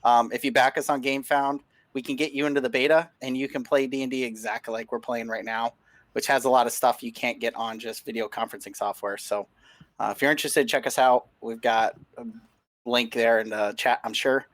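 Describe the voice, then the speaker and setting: A man chats casually on a remote game stream, promoting software and giveaway prizes. He is upbeat and fills his pauses with casual fillers. The dry sound suggests a mic close to his mouth. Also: mid-range voice, fairly even intonation, dry recording. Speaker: player and software company representative. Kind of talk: casual livestream chat. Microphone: home mic on a video call.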